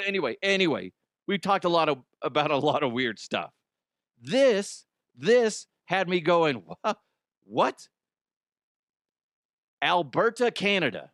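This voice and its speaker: Middle-aged male host for comedy news riffs, animated, crude and jokey, slightly raised pitch, dry close mic. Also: a little slow, long pauses, no echo. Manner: animated, jokey, swears freely.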